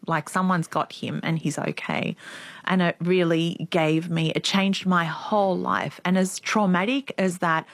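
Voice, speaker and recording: Woman in her forties, interview guest, lowish voice, earnest and reflective, dry close recording. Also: dry recording. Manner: earnest and reflective, quietly emotional. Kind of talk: personal storytelling in a conversation.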